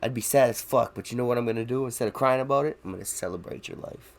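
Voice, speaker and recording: A man's voice: medium pitch, fast. A man co-hosting a casual podcast chat, rambling, swearing freely and laughing often. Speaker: podcast co-host.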